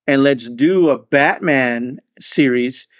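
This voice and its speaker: A man's voice: medium pitch, slow pace, no room sound. A man talking in a loose casual chat as a podcast co-host, rambling, repeating words and swearing.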